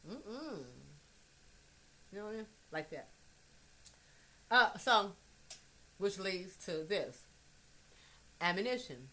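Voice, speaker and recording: A woman musing in a casual monologue, blunt and profane, swinging from hushed asides to emphatic loud bursts. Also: mid-range voice, expressive, slow pace, pauses often. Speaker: vlogger.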